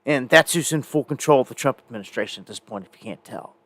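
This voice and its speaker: A man's voice: mid-range voice, expressive, quick pace, fairly bright tone, no echo. A man hosting a live independent news show, talking in a rambling, conversational way with many fillers and restarts. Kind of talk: casual live news commentary.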